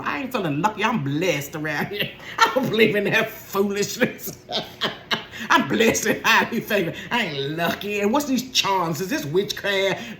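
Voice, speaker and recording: A woman in her forties telling a comedic story in a sassy, animated way, laughing often. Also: mid-range voice, slight background noise. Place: bedroom. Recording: roomy bedroom echo.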